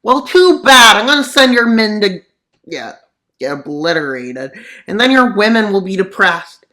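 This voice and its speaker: A mapping video narrator putting on the voice of a loud, mocking leader who orders a nation to war. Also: medium pitch, big pitch swings, normal speed, pitched above the performer's own voice. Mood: mocking, bossy.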